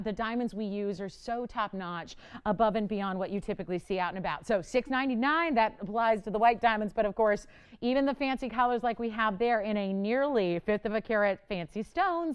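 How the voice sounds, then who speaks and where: A woman's voice: medium pitch, clear, resonant tone. Enthusiastic woman hosting live jewelry sales. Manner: chatty, enthusiastic, emphatic selling. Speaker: jewelry shopping host. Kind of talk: live home-shopping sales pitch.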